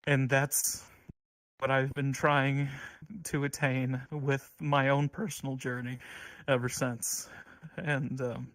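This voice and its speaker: A man giving an earnest, heartfelt eulogy at an online gathering, sometimes halting. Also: mid-range voice, level tone, a bit bright, no room sound, poor audio. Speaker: eulogy speaker.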